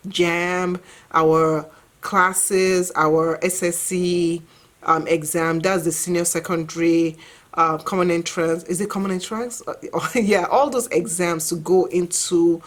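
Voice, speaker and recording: A woman, earnestly telling her own story to camera in a casual vlog. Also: lowish voice. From Nigeria. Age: 40s. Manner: reflective, earnest, conversational with fillers. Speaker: vlogger and mother.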